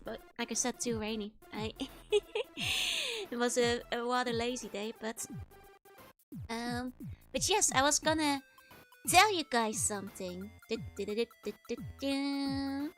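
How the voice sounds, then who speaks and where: A high-pitched woman with a Dutch accent chats on stream, giggling often and greeting her viewers one by one. Her throat sounds tickly and scratchy, and faint music plays behind her. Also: big pitch swings, normal speed, a bit bright. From Netherlands. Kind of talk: casual stream chat.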